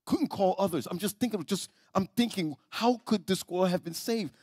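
A man pastor preaching a sermon in a church, telling stories, often repeating and restarting words, and swinging between soft and loud. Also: high voice, normal speed, husky, dry recording, studio quality. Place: church sanctuary.

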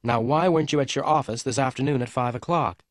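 A man's voice: medium pitch, fast, no echo, studio quality, pitched above the performer's own voice, lightly acted. A man reading an audiobook voicing a young blonde woman who speaks curtly and coldly to a hired detective. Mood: cold, sharp. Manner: curt, icy delivery. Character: young blonde woman client, sharp and cold. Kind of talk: audiobook reading for English learners.

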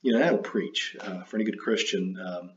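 Man, lecturer, halting delivery, frequent fillers, echoey room, muffled sound. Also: low-pitched, slight background noise. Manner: halting, many fillers and self-corrections. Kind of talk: unscripted recorded lecture. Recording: dull roomy recording.

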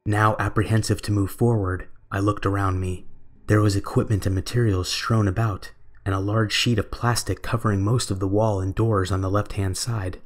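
Low, flat-voiced man telling a horror story. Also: normal speed. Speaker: narrator. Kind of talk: scripted horror story narration.

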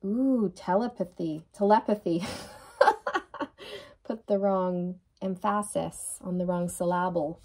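A woman gives a channeled tarot reading at an unhurried pace. Her voice is mellow and warm in tone, and she reassures the listener, repeating words to stress them. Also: lowish voice. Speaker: tarot reader.

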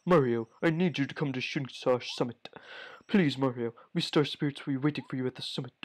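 Guy doing a quiet solemn old star spirit, soft and hushed. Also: medium pitch, brisk, lightly acted.

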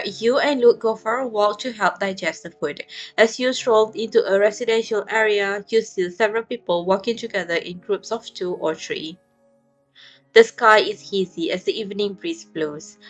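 A woman calmly narrating a romance story in second person and reading the heroine's lines in a soft, even voice. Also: mid-range voice, normal speed, soft background music.

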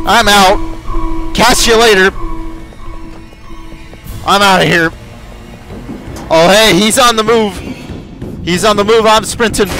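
A man's voice: sits high, unhurried, pauses often, over music. A man giving let's play commentary, chatting to game characters and yelping when chased. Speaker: gaming video creator.

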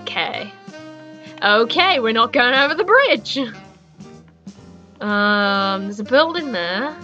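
A young woman commentating a video game as she plays, excitable and swearing, with loud outbursts. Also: on the high side, slow, dull audio, faint music behind. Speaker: gaming streamer. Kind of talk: let's play commentary. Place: home room.

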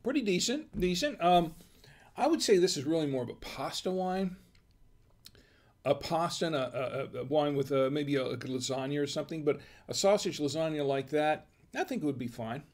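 A man's voice: on the high side, expressive, normal speed, a little mellow. A man hosting a casual wine tasting livestream, musing aloud in a hesitant, chatty way. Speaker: wine review show host.

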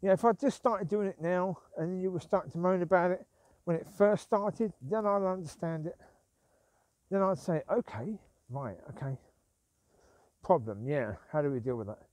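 This vlogger, out walking his dogs at night, has a high-pitched, slightly mellow voice and talks at a moderate pace with no echo. His walk-and-talk rambles as he grumbles and repeats himself.

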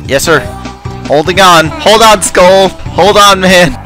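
A young man commenting excitedly on his gameplay, often yelping and shouting. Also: high voice, slow. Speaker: gaming video host. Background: game music.

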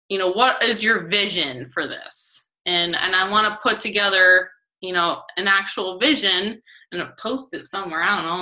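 Bright-voiced woman leading a team call. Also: mid-range voice, poor audio. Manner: rambling, many you-knows and restarts. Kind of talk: casual team call talk.

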